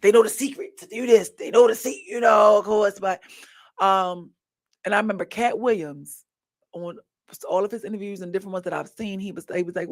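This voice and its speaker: A woman's voice: medium pitch, brisk, no echo. Chatty woman telling stories, dry sound. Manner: chatty, animated storytelling with asides to listeners. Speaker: podcast host. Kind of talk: casual monologue.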